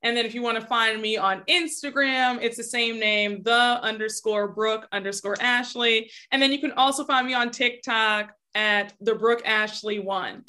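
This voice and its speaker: Woman, high voice, bright tone, chatty podcast guest. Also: fairly even intonation. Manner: agreeable, chatty, quick to back up the host. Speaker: guest, YouTuber. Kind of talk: casual chat.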